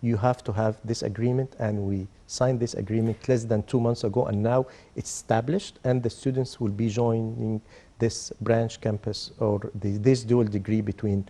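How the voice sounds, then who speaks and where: A man, his voice deeply dark and mellow. He answers as a guest in a TV interview, speaking haltingly, restarting words and stringing items into lists. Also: flat delivery. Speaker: university official guest.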